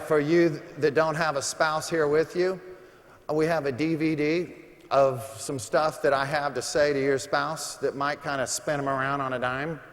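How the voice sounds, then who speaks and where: Brash male seminar speaker in an arena. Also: a little high. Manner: brash, joking, punchy. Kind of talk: sales pitch to a live audience. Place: large arena. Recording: long reverb of a large arena.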